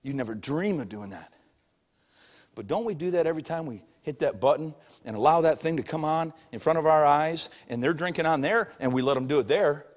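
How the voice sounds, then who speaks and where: A middle-aged male pastor preaching a sermon, moving between shouted passages and hushed asides, recorded in a church sanctuary. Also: on the high side, expressive, a little fast. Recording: long church hall reverb.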